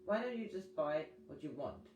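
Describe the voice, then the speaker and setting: A man's voice: fairly high pitch, very animated, moderate pace, a little mellow, highs cut off, a little hiss or hum, pitched above the performer's own voice. A man reading aloud who voices a terse, impatient young woman speaking curtly. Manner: curt, dismissive. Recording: echoey reading over guitar music.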